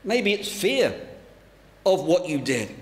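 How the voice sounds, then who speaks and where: A man's voice: sits high, very animated, slow. A man preaching a sermon as a pastor, in a conversational, storytelling way, in a church hall. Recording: roomy church hall with long reverb.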